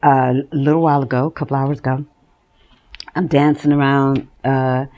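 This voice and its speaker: A woman's voice: a bass voice, level tone, normal speed, mellow, muffled recording. A woman hosting her own podcast, talking candidly and emotionally at home and laughing now and then. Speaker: podcast host. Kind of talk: personal monologue.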